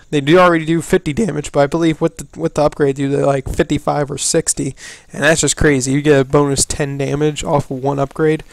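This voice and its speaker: A man's voice: fairly high pitch, gravelly, no room sound. A man casting a strategy video game, talking in a loose, rambling way, restarting sentences and leaning on stock phrases. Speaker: game caster. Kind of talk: casual live game commentary.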